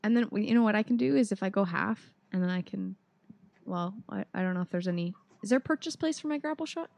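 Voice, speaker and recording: A woman's voice: mid-range voice, lively intonation, quick pace, creaky, darkish tone. A woman playing a tabletop game, chatting in a playful, giggly way. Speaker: player.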